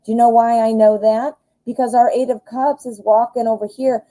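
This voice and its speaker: A woman hosting a live tarot stream, chatty, excitable and often giggling as she reads the cards. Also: a little high, moderate pace, poor audio.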